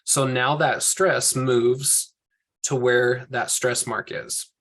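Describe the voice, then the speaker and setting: A man's voice: mid-range voice, steady tone, takes it slowly, fairly bright tone. A man teaching a language class over a video call, explaining rules patiently and step by step. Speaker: Hebrew teacher. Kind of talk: online class lecture.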